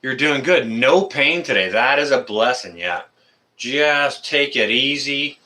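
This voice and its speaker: A man's voice: medium pitch, expressive, measured pace, bright, forceful tone. A man from Canada hosting a casual live stream, greeting viewers by name in a friendly, rambling way with many fillers.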